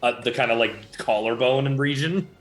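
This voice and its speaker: A man's voice: medium pitch, moderate pace, fairly bright tone. A man with a Canadian accent, rambling through his moves in a casual tabletop game with frequent restarts. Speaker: player.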